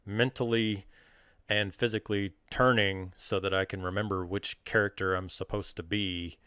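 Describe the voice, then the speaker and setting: A man with a fairly low, smooth and resonant voice, chatting casually about running tabletop games. His storytelling is animated, and the sound is close and dry. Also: moderate pace, dry recording. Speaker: game master. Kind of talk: casual chat.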